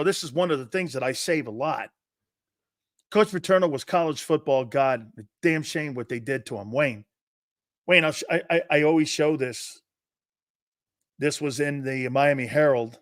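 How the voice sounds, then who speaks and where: A man in his fifties hosting a sports talk show, telling rambling, animated anecdotes with many restarts. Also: on the high side, no room sound, studio quality. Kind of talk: casual storytelling and show hosting.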